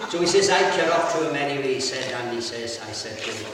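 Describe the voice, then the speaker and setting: A man's voice: mid-range voice, fast talker, hardly any pauses. Irish man telling a chatty folk tale. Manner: chatty, with frequent "he said" tags and laughter. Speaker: local storyteller. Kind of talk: oral folk storytelling. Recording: echoey hall, mic far off, faint hiss.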